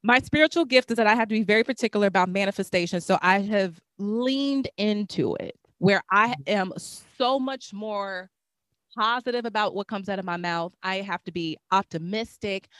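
Young woman, animated storyteller, dry close sound, mid pitch. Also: normal speed, no echo. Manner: animated, acts out voices in her stories. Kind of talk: casual storytelling chat.

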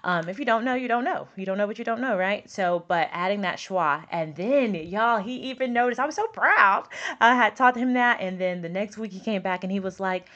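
A woman's voice: medium pitch, animated, a little fast, fairly bright tone, dull audio. A woman hosting a podcast as a speech pathologist and teacher, chatty and emphatic, repeating words for stress. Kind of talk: casual podcast talk.

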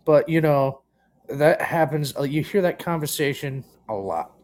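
A wisecracking man from the US Midwest, chatting in a laid-back, casual way. His voice sits a little high, and his pitch swings widely when he jokes. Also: animated, unhurried, a little mellow. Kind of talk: casual podcast chat.

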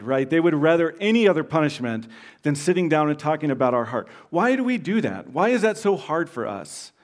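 Casual, talkative preacher from Texas. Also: male voice, on the high side. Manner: informal, storytelling, many fillers and restarts. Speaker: visiting preacher. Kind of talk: sermon.

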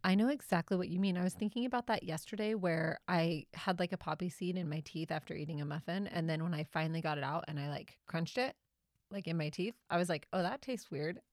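A woman's voice: fairly low pitch, quick pace, dry recording, clean studio sound. A middle-aged woman co-hosting a podcast, telling family stories in a chatty way and laughing often. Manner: chatty storytelling, laughs often, acts out quotes. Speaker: podcast co-host, mother. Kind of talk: casual chat.

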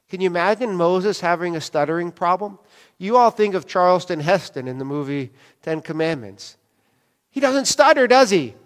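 A man with a highish, clean-toned voice gives a conversational sermon, frequently turning to the congregation with questions. The recording carries the lengthy reverb of a church hall.

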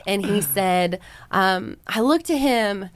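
A woman's voice: medium pitch, animated, slow pace, a crowd in the background. A woman in her thirties from the United States, a podcast guest telling her personal story with candid, reflective earnestness and frequent ums and likes.

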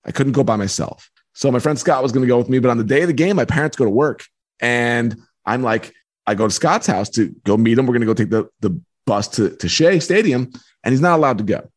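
A man, a book author and podcast guest, telling a personal story in a lively way. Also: medium pitch, fairly quick. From New York. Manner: lively, acts out voices in anecdotes. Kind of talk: animated storytelling.

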